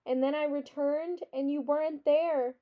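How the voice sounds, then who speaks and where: A woman's voice: sits high, fairly even intonation, unhurried. A woman reading as a worried, tearful mother. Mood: heartfelt. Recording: dull lo-fi recording.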